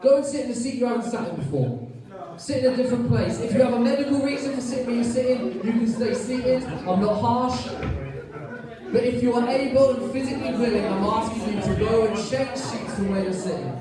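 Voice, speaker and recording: A man preaching a sermon in a lively, chatty way, joking with his congregation. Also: very high-pitched, brisk, a crowd in the background. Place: church hall. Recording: echoey church from far off.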